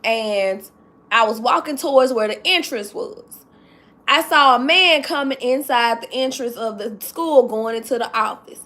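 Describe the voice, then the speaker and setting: A woman with a slightly high voice tells a story on a casual live stream, close to tears as she goes. She talks straight to her chat and circles back over the same points again and again. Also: unhurried, bright, forceful tone. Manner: emotional, talks to the chat directly, repeats herself. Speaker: livestream host telling a story.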